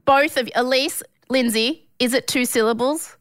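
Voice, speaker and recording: A woman co-hosting a podcast in casual chat, animated and quick to laugh in disbelief. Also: high-pitched, no echo, studio quality. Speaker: podcast co-host.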